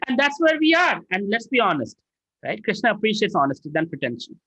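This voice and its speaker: Animated man teaching over a video call. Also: high voice, moderate pace, breathy edge, no echo. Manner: lively, acts out prayers in a raised voice. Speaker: spiritual teacher. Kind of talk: online question-and-answer class. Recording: dull lo-fi call audio.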